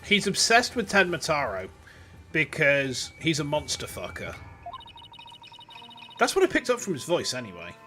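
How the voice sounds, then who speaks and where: A man's voice: on the high side, huge pitch swings, normal speed, long pauses, pushed and bright, soft background music. A man streaming a game, making casual, crude joking asides between lines of the story. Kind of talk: casual let's-play commentary.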